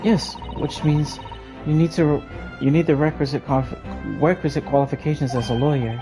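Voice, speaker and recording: A man's voice: on the high side, fairly even intonation, moderate pace, pitched above the performer's own voice, natural voice, low-quality recording. A man voicing a polite young Japanese woman assistant, speaking formally and courteously. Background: game music.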